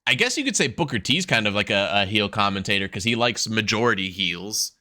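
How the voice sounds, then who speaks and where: A man's voice: lowish voice, lively intonation, a little fast, pushed and bright. A man co-hosting a wrestling podcast, chatting casually, swearing freely and laughing often as he acts out quotes. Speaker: podcast co-host.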